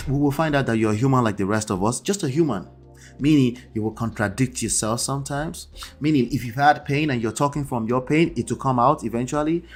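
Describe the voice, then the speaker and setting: A man's voice: medium pitch, fairly quick, faint music behind. Emphatic male coach reacting to a clip. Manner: emphatic, keeps checking in with "okay?" and "right?". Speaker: relationship coach and host. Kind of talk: reaction commentary on a debate clip.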